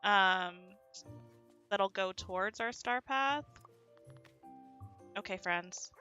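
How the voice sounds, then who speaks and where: Speaking very slowly, an American streamer with a neutral accent chats casually as she plays and responds to her chat, her sentences tending to rise at the end. Her voice is mid-range, pushed and bright. The audio sounds dull, and soft music plays in the background.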